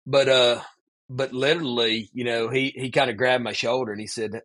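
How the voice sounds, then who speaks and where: A man's voice: medium pitch, moderate pace. A man, a podcast guest, casually telling a long story with lots of "man" asides. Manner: animated storyteller, peppers speech with "man".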